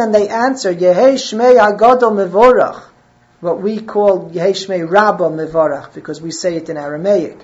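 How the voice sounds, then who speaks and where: Woman, text study lesson, reads then translates each phrase, mid-pitched voice, dull lo-fi sound. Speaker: Torah teacher.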